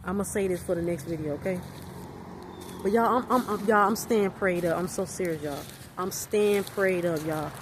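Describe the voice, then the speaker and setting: A woman's voice: on the low side, normal speed, noisy background. A woman telling a story to her viewers, repeating herself and calling out to them again and again. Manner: repetitive, animated, addresses viewers as y'all. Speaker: vlogger. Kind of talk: casual storytime vlog.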